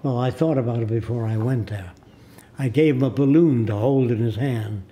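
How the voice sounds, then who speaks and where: A man's voice: mid-range voice, dark tone, slight background noise. A man in his nineties from the United States, a guest telling stories in a studio interview and acting out the people in them. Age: 90s. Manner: deliberate storyteller who acts out the people in his stories.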